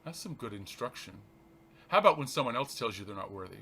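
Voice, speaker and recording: A man, a reverend hosting his show, reads a spiritual text aloud and comments on it in an animated, halting way, often restarting and laughing. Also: mid-range voice, slightly rough.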